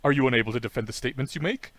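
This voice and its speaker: A man's voice: mid-range voice, rapid-fire, dry recording, lightly acted. A man voicing an overly polite male sea lion who keeps pressing for a debate with formal, insistent courtesy. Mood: prim, pestering.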